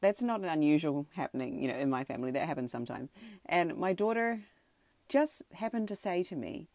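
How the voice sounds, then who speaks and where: A woman excitedly telling a personal story from home, full of fillers and restarts. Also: deep voice, a little fast, no echo. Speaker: podcaster sharing a personal story. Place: home, sitting on a tatami floor.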